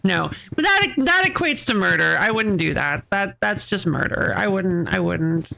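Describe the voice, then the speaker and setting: Bright-voiced woman streaming a game. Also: mid-range voice, very animated, moderate pace, gravelly. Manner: rambling, playful, laughs often. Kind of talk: casual let's-play commentary.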